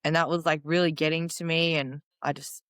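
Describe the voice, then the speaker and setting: A woman's voice: deep voice, little pitch movement, brisk, a bit bright, dry recording. A young woman, a guest in an interview, talking plainly and casually about her life. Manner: plain-spoken, casual, lots of fillers.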